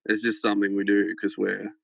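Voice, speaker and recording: A man's voice: lowish voice, completely flat delivery, a little fast, vocal fry, no room sound, lo-fi sound. A man guest on a podcast, telling a rambling, swear-filled anecdote in casual chat over a phone held close to his head. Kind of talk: casual storytelling. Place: farmhouse.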